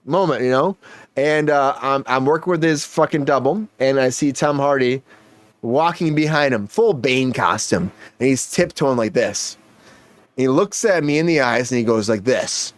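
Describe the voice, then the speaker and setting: A man hosting a casual podcast chat, an animated storyteller who swears freely. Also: medium pitch, normal speed, no room sound. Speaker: podcast host.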